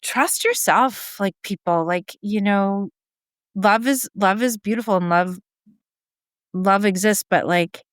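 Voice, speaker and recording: A woman's voice: medium pitch, slow, no echo. Candid woman guest, dry close sound. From Canada. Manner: animated, acts out quotes of herself. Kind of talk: candid personal storytelling.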